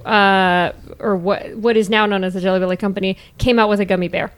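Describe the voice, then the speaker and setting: A woman's voice: mid-range voice, fairly even intonation, brisk, smooth, soft background music. A woman co-hosting a podcast, casually telling a history in a chatty way. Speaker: podcast co-host.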